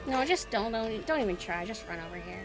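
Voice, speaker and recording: A woman's voice: medium pitch, lively intonation, fairly quick. A young woman streaming a horror game, cursing and yelping with frustration as she plays. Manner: swearing, frustrated outbursts and yelps. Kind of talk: gaming stream commentary. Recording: game music playing underneath. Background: game music.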